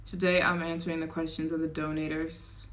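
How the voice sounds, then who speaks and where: Chatty woman livestreaming, lowish voice. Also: little pitch movement, brisk, a bit bright, slight background noise. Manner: chatty, reads donations aloud, rambling asides; slips into a put-on accent at times. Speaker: travel livestreamer. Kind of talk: casual livestream chat.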